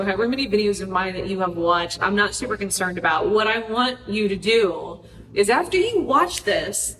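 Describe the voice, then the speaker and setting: A woman's voice: a little high, fairly bright tone, distant mic, a little hiss or hum. Chatty woman in an echoey kitchen. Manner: chatty, earnest, self-correcting. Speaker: wellness podcast host. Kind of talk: casual cooking vlog with life advice. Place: home kitchen.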